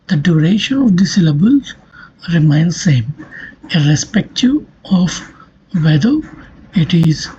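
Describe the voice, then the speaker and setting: Husky, slow-talking lecturer on a dull recording. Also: mid-range voice, darkish tone. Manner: slow, repetitive, step-by-step explaining. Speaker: linguistics lecturer.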